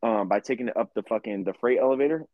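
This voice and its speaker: A man's voice: medium pitch, fast, no echo, narrow, tinny audio. A young man co-hosting a podcast, telling rambling, profane stories in casual chat. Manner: profane, rambling, animated storyteller. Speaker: podcast co-host.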